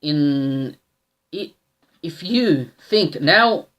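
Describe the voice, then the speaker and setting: Man in his thirties, slow and halting, lots of restarts. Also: on the high side, expressive, fairly bright tone. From Australia. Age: 30s. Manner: slow and halting, with many restarts and tag questions. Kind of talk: casual personal storytelling.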